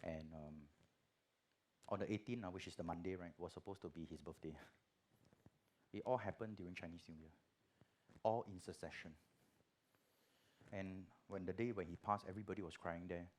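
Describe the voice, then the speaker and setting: Singaporean man giving an animated church testimony. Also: low-pitched, moderate pace, pauses often. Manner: Singlish particles, swings from hushed to loud and animated. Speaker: guest preacher.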